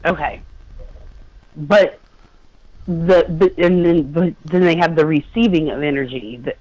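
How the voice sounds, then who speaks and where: A woman's voice: deep voice, darkish tone, lo-fi sound. A woman calling in to a spiritual talk show, laughing often and asking to clarify points. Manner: quick to laugh, seeks clarification. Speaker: caller. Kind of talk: phone-in conversation.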